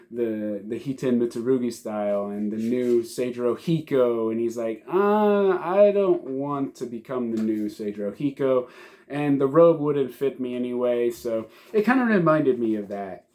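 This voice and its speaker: Male manga reviewer, mellow, casual and rambling, lots of fillers. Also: mid-range voice. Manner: rambling, many fillers and restarts. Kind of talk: casual commentary.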